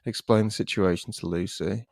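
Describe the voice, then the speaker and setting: A man's voice: low voice, fairly even intonation, normal speed, creaky, a little mellow, no room sound, clean studio sound. A young man, co-hosting a podcast and telling a story animatedly, swearing casually and acting out other people's voices. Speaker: podcast co-host.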